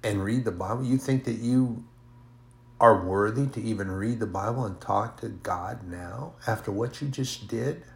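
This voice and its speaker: A man voicing the devil's minions in a sing-song, falsely sweet voice that drops to a hush. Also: fairly low pitch, unhurried, creaky, reverberant. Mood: mocking, wheedling. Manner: sing-songy, falsely sweet then hushed.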